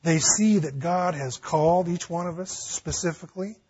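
A man's voice: on the high side, moderate pace, darkish tone, slightly rough, dull audio. A man preaching a sermon as pastor, acting out a dialogue between God and Paul with emphatic build-ups.

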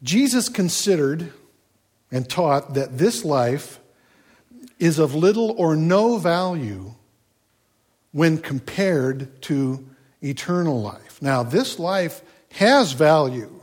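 A man's voice: on the high side, very animated, slow, darkish tone. A man preaching a sermon in a conversational, folksy way, with asides and rhetorical questions. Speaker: pastor.

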